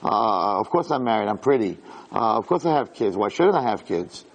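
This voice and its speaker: A man giving an animated Torah class, acting out quoted lines with big swings in his voice. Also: moderate pace, breathy edge. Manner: animated, acts out quotes with big pitch jumps. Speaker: Torah lecturer. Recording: long hall reverb.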